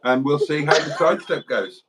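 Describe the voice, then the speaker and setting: A man's voice: on the high side, moderate pace, very noisy. A man hosting a late-night live stream, teasing his co-host with cheeky banter. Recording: off-mic with loud music behind.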